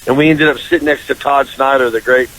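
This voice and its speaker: A male country singer telling a long story in a casual radio interview, animated, slipping into high voices for the people he quotes. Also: quick pace, slight background noise, low-quality recording. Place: radio studio.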